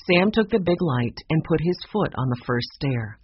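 A woman narrating a children's chapter book in a measured storytelling way. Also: low voice, expressive, slight background noise. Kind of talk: audiobook narration. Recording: dull lo-fi sound.

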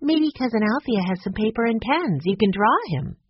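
A woman voicing a curious, sensible girl in a storybook reading, bright and inquisitive. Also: a little high, lively intonation, moderate pace, slightly rough, dry recording, lo-fi sound, voice pushed up.

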